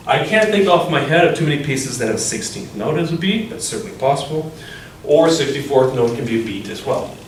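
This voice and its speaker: A man's voice: medium pitch, expressive, a little fast, slight background noise. A male music teacher explaining rhythm, often chanting beats aloud as syllables. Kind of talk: classroom lecture. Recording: echoey room from far off.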